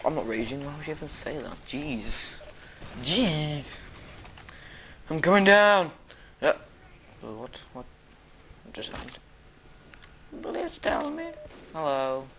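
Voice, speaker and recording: An excitable young man talks over his gameplay in a slow, unhurried drawl. He mutters to himself, then bursts into sudden yelps and shouts. A faint hiss of noise sits behind him. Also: a little high. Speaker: gamer commentating his play. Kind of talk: casual gameplay commentary.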